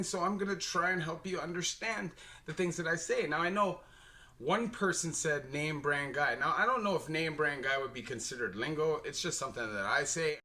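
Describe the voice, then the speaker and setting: Bright Canadian man vlogging casually. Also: a little high. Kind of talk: casual explainer monologue.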